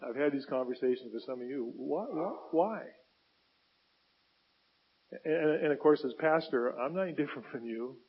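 A male pastor preaching a sermon, swinging from loud impassioned pleading to quiet reflective asides. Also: mid-range voice, normal speed, pauses often, husky, muffled recording.

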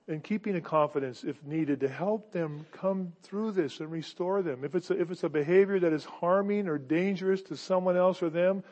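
A high-pitched man preaches a sermon, earnest and halting, tripping over repeated words before pressing his points home with emphasis. The recording sounds dull and lo-fi. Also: a little mellow. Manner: earnest, stumbling restarts, swells to emphatic exhortation. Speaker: pastor.

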